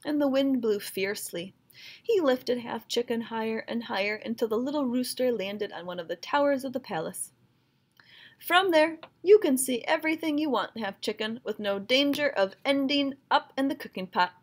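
Woman reading a kids story aloud, lively sing-song, kinda high voice. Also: moderate pace. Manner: expressive, rhythmic storytelling.

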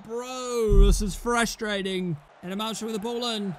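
A man's voice: high-pitched, moderate pace, a little hiss or hum. A young man casually commentating his football management game, swearing and exasperated at missed chances. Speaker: gaming YouTuber.

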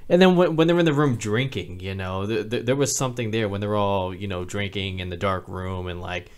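嗓音圆润低沉的男人，说话犹豫. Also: male voice, on the low side, brisk, clean tone. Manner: hesitant, many fillers, quotes scenes. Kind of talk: casual podcast chat.

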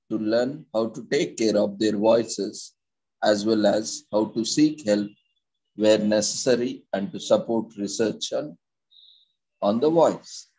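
A man presenting an informative talk. He reads in a measured way, with hesitant fillers and restarts. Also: fairly low pitch, darkish tone, slightly rough, low-quality recording. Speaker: presenter of a daily topic segment.

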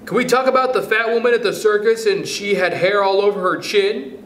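A man's voice: high-pitched, fairly quick, a bit bright, voice pushed up. A man voicing an eager, earnest young schoolboy in a storybook reading. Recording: roomy echo, faint noise.

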